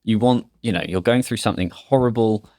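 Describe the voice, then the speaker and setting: Man, very low voice, podcast host, empathetic, affirming, dry recording. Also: fairly quick, warm tone, no room sound. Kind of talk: casual interview chat.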